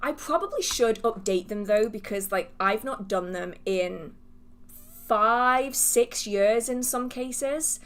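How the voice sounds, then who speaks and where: A woman hosting a casual livestream, talking straight to her viewers. Her voice sits a little high, and she laughs often as she pokes fun at herself. Her sentences trip and restart while she rambles on. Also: expressive, slow. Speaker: livestream host answering viewer questions.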